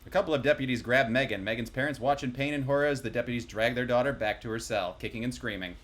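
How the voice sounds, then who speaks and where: A man hosts and narrates a comedic table read with upbeat, joking narration. His voice sits at an ordinary middle pitch. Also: fast, a bit bright. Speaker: host and narrator.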